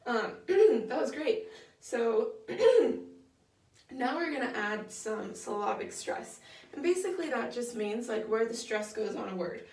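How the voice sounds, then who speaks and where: Speaking unhurriedly with lively intonation, the young choir director has a fairly high, darkish voice. She guides her women's choir through technique with patience and encouragement, using many fillers. The rehearsal room is echoey, and she sounds far from the microphone.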